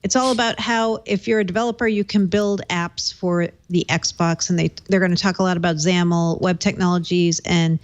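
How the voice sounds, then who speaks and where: A woman's voice: lowish voice, steady tone, moderate pace, few pauses, muffled recording. A woman co-hosting a tech podcast, sharing news in a casual, informative way with some fillers. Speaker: podcast co-host.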